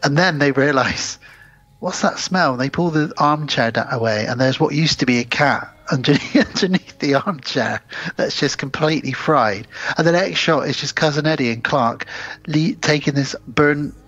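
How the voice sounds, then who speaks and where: A man's voice: fairly high pitch, normal speed, a bit bright, husky, muffled recording. A man co-hosting a podcast, retelling film scenes in casual chat and acting out the characters' lines. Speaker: podcast co-host.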